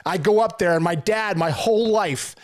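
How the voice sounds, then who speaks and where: A middle-aged man, a former pro ballplayer, telling a heartfelt story in conversation, animated, with lots of fillers and restarts. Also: high-pitched, moderate pace. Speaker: former pro baseball player, guest.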